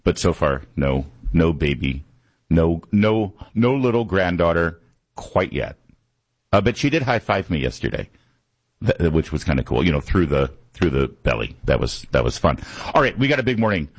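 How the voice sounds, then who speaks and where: A man's voice: low voice, sing-song, moderate pace, no room sound. A man in his fifties hosting a morning radio talk show from a studio, rambling and casual, with lots of fillers and restarts. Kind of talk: conversational radio monologue. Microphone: studio microphone.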